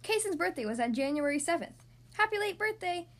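A woman who hosts a podcast reads a picture book aloud to small children. Her voice is high and swings widely in pitch as she goes. She speaks in a friendly, animated way. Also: brisk. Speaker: podcast host reading to kids. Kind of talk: storybook read-aloud.

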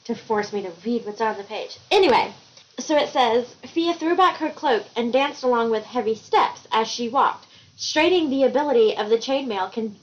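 An enthusiastic woman with a high voice, chiming into a relaxed book conversation. She talks with giggly delight. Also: moderate pace, dull audio. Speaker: book podcast co-host. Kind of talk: casual chat.

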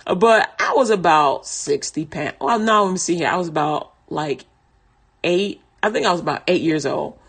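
A woman's voice: fairly low pitch, lively intonation, moderate pace, creaky, slightly rough. A woman casually telling a personal story in conversational, vernacular speech, often laughing and restarting her sentences.

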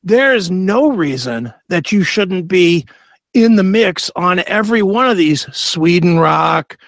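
A man's voice: high-pitched, expressive, unhurried, fairly bright tone, no echo. A man hosting an interview show, an enthusiastic fan who laughs along with his guest. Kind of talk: casual interview chat.

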